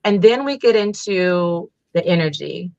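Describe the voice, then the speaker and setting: A woman's voice: on the low side, a little slow, creaky, muffled recording. A woman guest who works as a Reiki healer, talking casually in an interview and acting out the voices of people in her stories. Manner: animated storyteller, acts out quoted voices.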